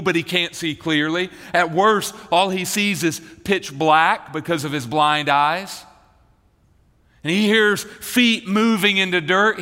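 A man's voice: high-pitched, sharp tone, big-room sound. A male pastor preaching a sermon, telling the story vividly and speaking to the children in the congregation. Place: church.

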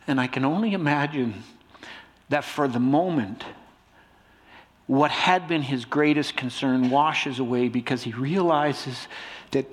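Emotional pastor with a runny nose. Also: male voice, mid-range voice, a little slow. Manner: emotional, swings between loud emphasis and soft hushed lines. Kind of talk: sermon.

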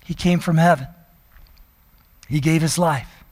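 A man preaching a sermon, telling a story and slowing down to stress key words. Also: on the high side, steady tone, in a large hall. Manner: storytelling preacher, slows down for emphasis. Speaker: pastor.

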